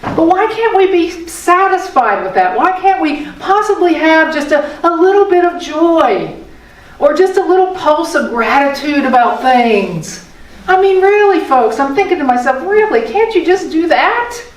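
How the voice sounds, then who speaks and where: A woman's voice: extremely high pitch, expressive, unhurried. An older woman giving a folksy, conversational spiritual talk. She repeats phrases and asks her listeners rhetorical questions. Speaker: spiritual teacher. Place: meeting room of a spiritual center. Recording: echoey room, voice from a distant mic.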